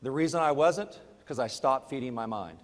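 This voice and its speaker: A middle-aged man giving a motivational talk to a live audience, telling a personal story and moving between quiet confession and loud urging. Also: medium pitch, lively intonation, moderate pace, in a large hall. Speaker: network marketing speaker.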